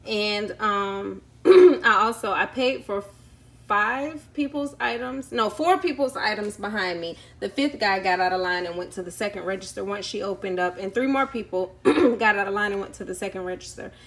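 With a fairly bright, mid-range voice and a moderate pace, a woman tells a long story in a casual home vlog for YouTube. She's chatty, says um a lot, and acts out the people she quotes.

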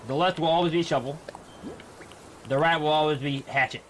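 A man's voice: a little high, steady tone, brisk, slight background noise. A young man streaming a video game, talking to himself with casual commentary and frequent profane, frustrated outbursts.

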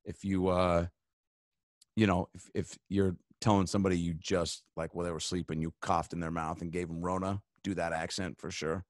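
A man's voice: deep voice, level tone, moderate pace, dry recording, studio quality. A male comedian guest on a podcast, riffing in rambling, swear-laden bits full of fillers. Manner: rambling comic riffs, frequent swearing and fillers. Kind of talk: casual podcast chat.

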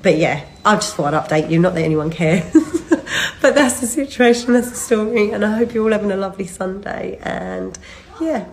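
A woman's voice: medium pitch, fairly quick, rough recording. A woman in her thirties chatting to her followers on a phone video, rambling and laughing mid-sentence, worn out from a recent illness. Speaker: vlogger updating followers. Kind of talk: casual chat to camera.

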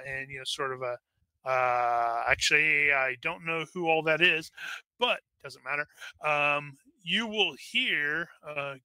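A man's voice: a little high, pushed and bright, clear, resonant tone, no echo. A man narrating as game master of an online tabletop game, rambling with many fillers and restarts.

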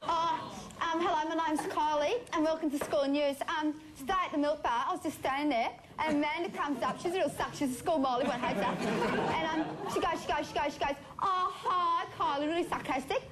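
Brief: a scatterbrained schoolgirl played by a woman, high and giggly, loud studio crowd and noise. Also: a little fast, lightly acted. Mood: gossipy. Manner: rambling, repeating herself, giggling. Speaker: comedy sketch performer.

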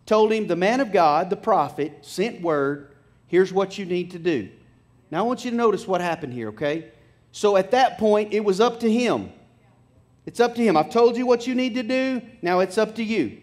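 A man's voice: high voice, lively intonation, normal speed. A man pastor preaching a sermon, reading scripture and acting out the lines of the people in the story with rising intensity. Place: church.

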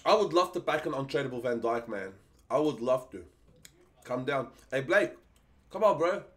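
A young man on a live stream chats casually and excitedly while opening game packs, swearing freely and pleading for good luck. His voice is mid-range at a normal speed.

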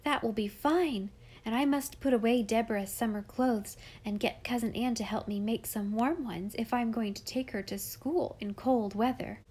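A woman reading a storybook, voicing a spirited, caring young farm girl who speaks briskly and firmly. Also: fairly high pitch, slightly rough. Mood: cheerful. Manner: brisk, firm and bright.

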